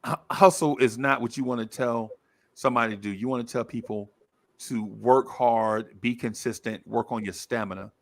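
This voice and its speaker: During an easygoing podcast chat, a man animatedly recounts a story, voicing the people in it and repeating himself for emphasis. He has a mid-range voice and keeps a moderate pace.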